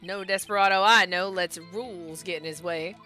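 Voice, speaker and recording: A woman voicing a drawling cowboy-style male police officer with a slow, theatrical Southern drawl. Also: fairly low pitch, steady tone, bright, forceful tone, faint music behind. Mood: laconic.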